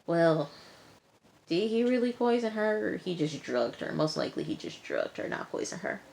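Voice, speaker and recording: Brief: young woman, low voice, sassy casual TV recap vlogger who snaps back at characters. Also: sing-song, moderate pace, creaky, darkish tone, a little hiss or hum. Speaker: TV episode reviewer.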